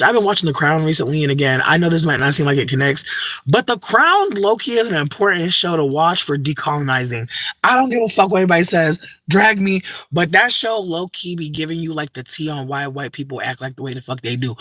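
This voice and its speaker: A man's voice: fairly high pitch, fairly bright tone, no room sound, studio quality. A young man talking casually to a livestream chat, ranting emphatically with lots of swearing and restarts. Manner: profane, emphatic, many fillers and restarts.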